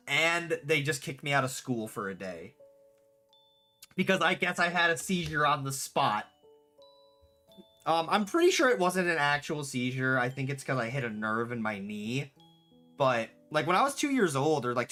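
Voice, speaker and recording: Late-20s livestreamer, sharp bright tone, loose animated storytelling, cusses casually. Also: medium pitch, normal speed, faint music behind. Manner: animated storyteller, swears freely, answers chat aloud. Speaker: streamer and game developer.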